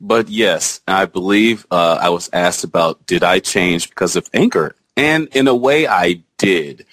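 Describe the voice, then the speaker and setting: A man co-hosting a podcast in casual chat, speaking haltingly with many restarts and fillers. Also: low voice, lively intonation, fairly bright tone, dry recording. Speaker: podcast co-host.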